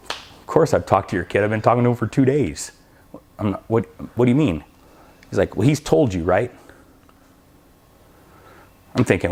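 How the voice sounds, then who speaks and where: Man telling a lively racing story. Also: medium pitch, fairly quick, pauses often. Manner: animated anecdote telling, acting out both sides of dialogue. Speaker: drag racing school owner and crew chief. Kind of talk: casual storytelling.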